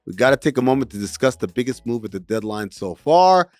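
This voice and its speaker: Animated man hosting a sports podcast. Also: medium pitch, brisk, no echo, soft background music. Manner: animated, jokey, slips into playful voices. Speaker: podcast host. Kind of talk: casual sports chat.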